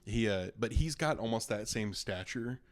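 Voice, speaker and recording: Young male co-host, lowish voice, loose and rambling, quick to laugh. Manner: animated, rambling, laughs often. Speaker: podcast co-host, son. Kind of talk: casual chat.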